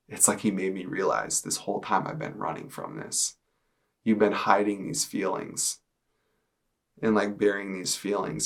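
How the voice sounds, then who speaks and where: A man in his twenties giving a personal testimony to camera, in a casual, halting way with many fillers. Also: lowish voice. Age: 20s. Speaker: testimony speaker. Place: indoors, speaking to a camera.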